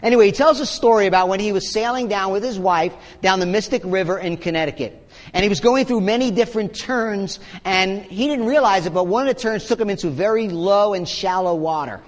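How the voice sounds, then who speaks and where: A man's voice: high-pitched, a little fast. A man preaching a sermon as pastor, in a conversational way with sarcastic asides. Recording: long hall reverb.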